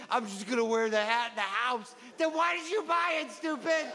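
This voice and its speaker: A man's voice: extremely high pitch, voice pushed up. A man on a comedy stage voicing a small child earnestly reading a favorite picture book in a naive, sing-song way. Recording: reverberant live club with crowd noise. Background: audience laughter.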